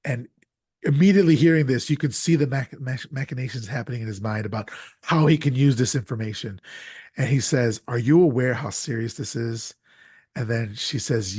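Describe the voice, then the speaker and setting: A husky man recaps a film's plot on a podcast, casual and jokey, tripping over his words now and then. His voice sits at a middling pitch and is recorded dry and close. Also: darkish tone, dry recording. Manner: conversational, stumbling restarts, jokey. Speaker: podcast host.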